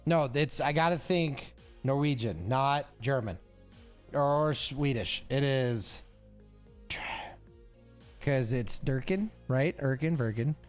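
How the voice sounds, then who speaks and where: A man's voice: mid-range voice, takes it slowly. A man streaming live and thinking aloud as he sounds out word guesses and greets his chat. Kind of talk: casual live-stream chat while solving a word puzzle. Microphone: headphones with mic. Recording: faint music behind.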